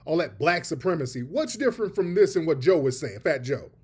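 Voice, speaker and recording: Male host, pointed emphatic commentary, a little higher voice. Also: very animated, fairly quick, darkish tone, breathy edge. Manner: emphatic, addresses audience as family. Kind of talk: commentary on played clips.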